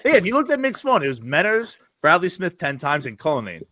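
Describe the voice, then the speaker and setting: Bright-voiced, fast-storytelling man. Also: fairly high pitch, sing-song, dry recording. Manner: fast, profane storytelling with bursts of laughter. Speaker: podcast guest. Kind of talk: casual podcast chat.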